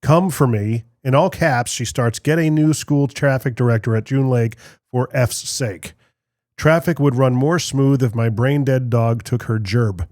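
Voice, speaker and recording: A man's voice: medium pitch, a little slow, darkish tone, no echo, studio quality. A man co-hosting a beer podcast, telling stories animatedly and laughing often. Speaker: podcast co-host. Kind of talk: casual chat.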